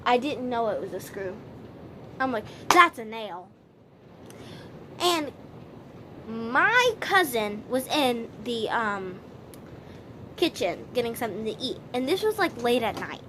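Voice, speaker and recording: A woman's voice: a little high, sing-song, slow, pauses often, sharp tone, slight background noise. A woman vlogger telling a story casually to camera, rambling with many restarts.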